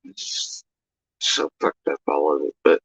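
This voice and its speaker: A man telling an emotional personal account, halting and swearing often as he recounts what happened. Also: rumbling low, completely flat delivery, creaky, a bit bright, slightly rough, no echo, faint music behind, poor audio. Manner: profane, halting, emotional retelling. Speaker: witness recounting events.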